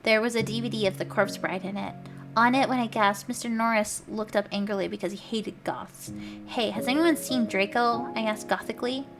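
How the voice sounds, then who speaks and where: A woman's voice: mid-range voice, a little fast. Melodramatic woman streamer reading aloud. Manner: melodramatic, shouts the quoted lines, breaks off for wry asides. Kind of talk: comedic read-aloud of a story on stream. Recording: clear background music under voice. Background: background music.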